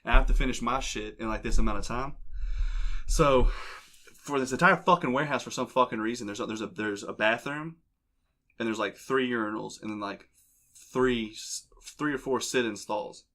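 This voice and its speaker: A man's voice: medium pitch, moderate pace, bright, forceful tone. A young man hosting a podcast, telling a crude, rambling story in casual chat. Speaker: podcast host. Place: basement.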